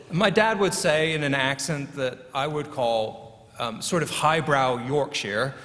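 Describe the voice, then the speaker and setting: A man's voice: a little high, lively intonation, moderate pace, fairly bright tone. Man pastor, English-born, storytelling sermon, church with long echo. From England. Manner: conversational storytelling preaching. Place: church sanctuary.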